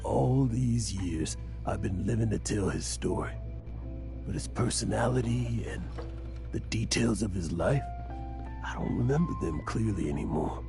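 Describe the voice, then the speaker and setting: An actor playing an aging, remorseful male adventurer in a video game, speaking in a halting, emotional way. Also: on the low side, animated. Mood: melancholy. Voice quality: gravelly. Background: game music.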